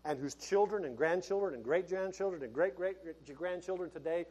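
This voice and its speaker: High-pitched middle-aged guy preaching, folksy and chatty, laughs a lot. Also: normal speed, a little mellow. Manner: folksy and conversational, with laughs and restarts. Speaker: pastor. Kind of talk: sermon.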